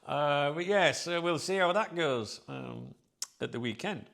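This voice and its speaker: A man's voice: on the high side, animated, measured pace, creaky, a bit bright. A man chatting casually to his viewers as channel host, rambling with many fillers and restarts.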